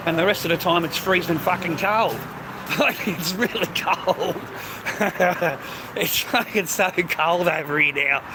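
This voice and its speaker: A man's voice: sits high, background noise. A middle-aged Australian man vlogging outdoors on a phone, swearing constantly and tagging mate onto nearly every line. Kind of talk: rambling street vlog. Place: outdoors on city streets.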